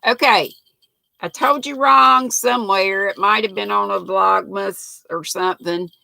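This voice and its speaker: Gravelly older woman chatting. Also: medium pitch, steady tone, measured pace, pushed and bright, dry recording. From North Carolina, US. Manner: chatty, folksy, thinking aloud. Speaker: livestream host. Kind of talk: casual live chat reading viewer comments.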